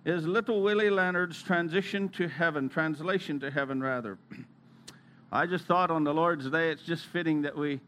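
A man preacher giving a slow, reverent devotional reading with brief asides. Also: a little high, a bit bright, a little hiss or hum.

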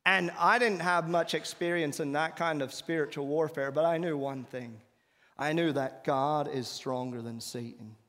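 A man's voice: fairly high pitch, moderate pace, a bit bright, in a large hall. A man telling an earnest testimony as a sermon, with emphatic spoken prayers. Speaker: preacher giving testimony.

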